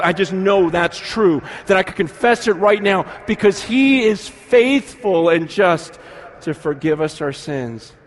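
Impassioned high-voiced male preacher. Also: a little hiss or hum. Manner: swings from hushed to loud, impassioned; reads scripture slowly with rising intensity. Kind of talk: sermon.

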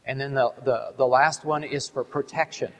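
A middle-aged man preaching to an audience, telling a story in an earnest, measured way and slowing down to stress key words. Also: mid-range voice, steady tone. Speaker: Christian ministry speaker. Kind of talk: sermon with a storytelling testimony. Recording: long hall reverb.

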